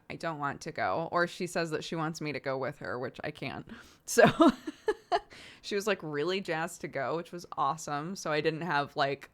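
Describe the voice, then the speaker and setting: A woman's voice: sits low, a bit bright. A woman streaming from home, chatting casually with lots of "like" fillers and frequent laughs. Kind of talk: casual chat.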